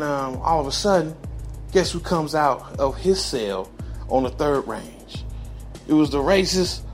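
A man, a correctional officer, telling a story from work in a casual, profane way and laughing as he goes. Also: medium pitch.

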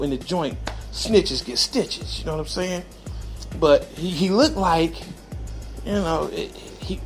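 A man, a correctional officer, telling a story from work in a casual, profane way and laughing as he goes. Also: fairly high pitch.

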